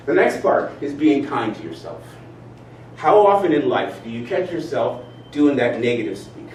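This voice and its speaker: A man giving a motivational talk, animated as he leads his audience in spoken exercises. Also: medium pitch, normal speed. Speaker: speaker leading a talk. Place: event room with audience. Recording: roomy sound from far off, faint noise.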